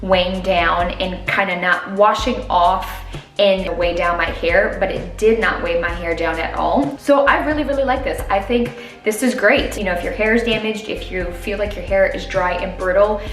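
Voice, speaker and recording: A woman's voice: mid-range voice, moderate pace. A woman vlogger chatting casually through a hair tutorial and product review, upbeat and talking through each step. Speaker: beauty vlogger. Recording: echoey room with faint music.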